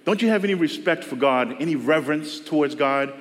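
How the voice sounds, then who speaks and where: A man's voice: fairly high pitch, expressive, a little fast. A male pastor preaching a sermon to a church service in a conversational style, acting out the voices of people he quotes. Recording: long reverb of a church hall.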